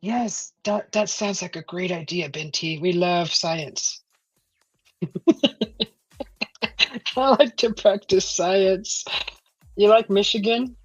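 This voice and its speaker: A woman's voice: mid-range voice, slow, long pauses, breathy edge, no echo. A woman hosting a casual livestream from home, chatting with viewers and rambling with many "uh" fillers. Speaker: livestream host. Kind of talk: casual livestream chat, reading viewer comments. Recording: dull lo-fi stream audio, faint music.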